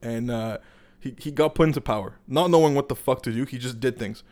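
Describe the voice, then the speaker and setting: A young man with a Canadian accent rants casually, swearing freely and wandering off on tangents. His pitch sits in the middle range, and he talks in a worked-up, conversational way. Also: brisk, darkish tone. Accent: Canadian English. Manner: profane, rambling, heated, digresses often. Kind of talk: casual political rant.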